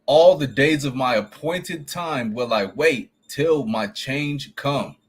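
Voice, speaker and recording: A man reading scripture verses aloud slowly and deliberately for a study group. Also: medium pitch, husky. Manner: slow, deliberate reading of King James verses. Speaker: scripture reader.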